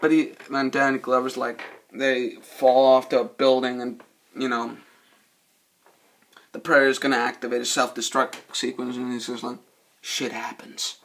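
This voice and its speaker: A man's voice: mid-range voice, moderate pace. A man doing a casual, rambling movie review, cursing a lot and losing his train of thought. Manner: profane, excitable, loses his train of thought.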